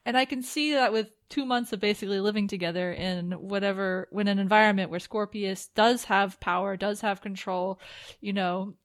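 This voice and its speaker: A woman's voice: medium pitch, fairly even intonation, normal speed, dry recording. A woman co-hosting a podcast, recapping a TV episode in casual chat full of jokes and fillers. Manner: chatty, joking, full of fillers. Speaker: podcast co-host.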